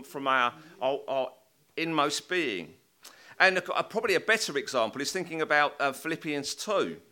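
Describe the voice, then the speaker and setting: A man's voice: a little high, bright, forceful tone. A man giving a Bible teaching talk with slides, thoughtful and hesitant, with many restarts, and reading scripture aloud with rising emphasis. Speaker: preacher.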